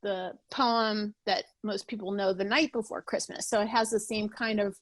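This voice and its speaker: A woman's voice: medium pitch, steady tone, moderate pace, no echo. A woman being interviewed on a podcast over a video call, talking casually with many restarts. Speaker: podcast guest.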